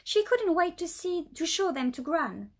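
Lively woman reading a children's story. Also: very high voice, unhurried. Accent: British English. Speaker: teacher reading a story aloud.

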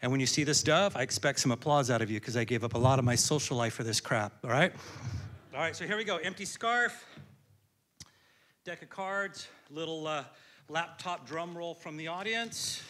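A man's voice: a little high, animated, a little fast, fairly bright tone. Chatty man hosting a comedy show. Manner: chatty, jokey, working the crowd. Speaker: comedy show host and magician. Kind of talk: stand-up comedy storytelling. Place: stage in a live comedy venue.

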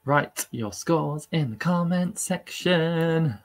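A man's voice: on the high side, lively intonation, takes it slowly. A man hosting a live-streamed quiz, upbeat and chatty and laughing at himself. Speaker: quiz host.

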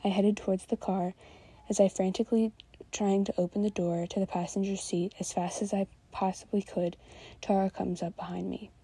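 A woman reading fan fiction aloud into a new microphone, steady with small slips. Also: medium pitch, moderate pace, breathy edge, dry recording. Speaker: fanfiction reader.

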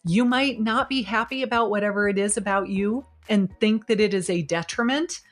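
A woman in her fifties, a video marketing coach, giving an energetic, emphatic and encouraging motivational talk straight to camera. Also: mid-range voice, moderate pace, soft background music.

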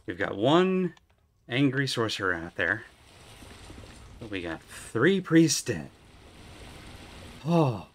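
A man doing live commentary while playing a video game, excitable, swearing and talking to himself. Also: medium pitch, a little hiss or hum.

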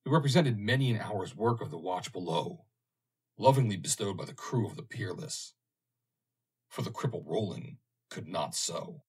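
Low husky guy reading an old novel aloud, slow and lively in tone. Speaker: audiobook narrator. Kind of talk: audiobook narration.

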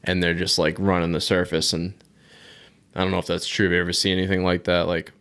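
A deep-voiced man from the northeastern United States hosts a laid-back podcast conversation. He asks easygoing, curious questions and swears casually. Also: level tone, quick pace, fairly bright tone. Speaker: podcast host.

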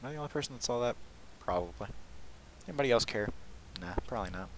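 A man's voice: mid-range voice, lively intonation, fast, a little hiss or hum, rough recording. A young man giving casual, sarcastic commentary while playing a shooter game, often exasperated and mocking himself. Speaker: gaming commentator.

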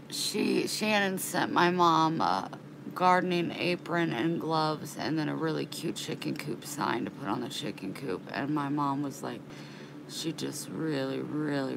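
A woman's voice: sits low, gravelly, noisy background. A woman chatting in a casual vlog, rambling and frank, getting worked up and indignant, with casual swearing. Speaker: vlogger.

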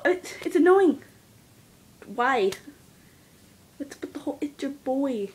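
A chatty, giggly female vlogger talking straight to the camera. Her voice sits high, and she tips into mock drama now and then. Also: expressive, slow pace, long pauses. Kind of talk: casual vlog chat.

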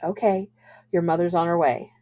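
A woman reading aloud, voicing a calm, reassuring middle-aged male store manager in a storybook. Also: lowish voice, moderate pace, close to an everyday voice. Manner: steady and reassuring.

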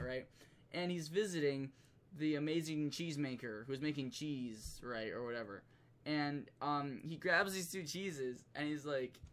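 Man, streamer, casual rant, profane, laughs often, fairly high pitch. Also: fairly bright tone. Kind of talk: casual ranting commentary.

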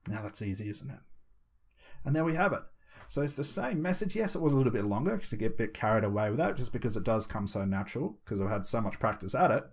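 A man teaching hypnosis, talking to the viewer and slowing down with deliberate pauses to show a hypnotic voice. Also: medium pitch, very animated. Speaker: hypnosis instructor. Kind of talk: instructional talk.

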